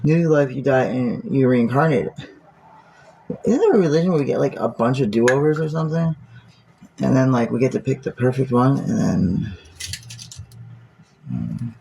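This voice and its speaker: Gravelly man, mellow tone, rambling phone-livestream monologue, loose and profane, faint hiss behind. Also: mid-range voice, lively intonation, a little fast, low-quality recording. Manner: rambling, musing aloud, swears freely.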